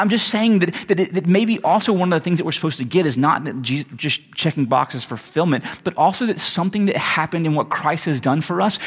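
A man preaching a sermon in a conversational way, correcting himself mid-sentence and rising into animated asides. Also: fairly high pitch, slightly rough. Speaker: pastor.

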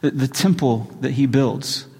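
A man's voice: medium pitch, a little slow, darkish tone, slightly rough. A man preaching a sermon, earnest, reading scripture with growing intensity. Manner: earnest, with frequent restarts and rising intensity in readings. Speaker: pastor. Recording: long reverb in a large hall.

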